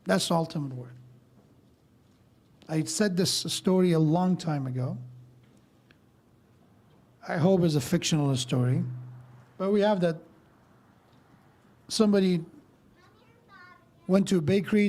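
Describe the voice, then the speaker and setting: Mellow-voiced man giving a mosque sermon. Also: fairly high pitch, unhurried, pauses often. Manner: explains verses step by step, tells stories with quoted dialogue. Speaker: speaker at a mosque.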